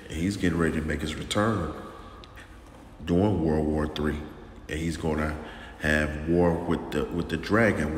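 A man preaching informally and sternly, talking slowly with lots of repetition and restarts. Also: very deep voice. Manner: slow and drawn-out, repeats himself, calls listeners "man", stern. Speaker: religious teacher. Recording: echoey room with long reverb and faint noise.

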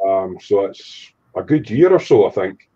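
A man's voice: sits low, big pitch swings, unhurried, mellow, breathy edge. Male stream host, chatty and jokey, lo-fi audio. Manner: chatty, jokey, reads out chat messages. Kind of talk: casual live chat.

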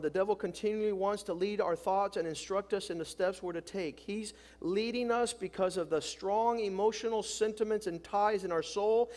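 High-voiced preaching pastor. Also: male voice, darkish tone. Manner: preaching with dramatic acted quotes, repeats words. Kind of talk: sermon.

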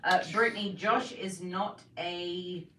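A woman's voice: on the low side, fairly even intonation, slow pace, bright, forceful tone, echoey room, distant mic, slight background noise, low-quality recording. A woman co-hosting a live stream, reading out viewer comments in a dry, teasing manner. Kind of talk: casual live-stream chat.

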